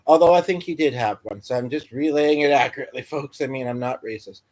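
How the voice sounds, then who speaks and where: A man's voice: medium pitch, quick pace, darkish tone. A man hosting a casual livestream, telling a meandering everyday story full of fillers and restarts. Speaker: livestream host. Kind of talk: rambling casual livestream chat.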